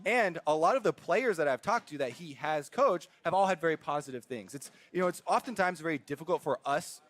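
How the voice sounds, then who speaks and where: A man analysing a live esports match in a measured, thoughtful way with frequent hesitations. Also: a little high, animated.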